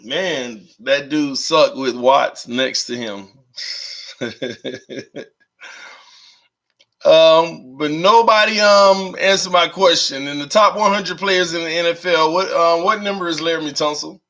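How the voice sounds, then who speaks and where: Casual live-stream host, a man, slightly high and bright, animated and chatty. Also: slow pace, long pauses. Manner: animated, laughs often, reads viewer comments aloud.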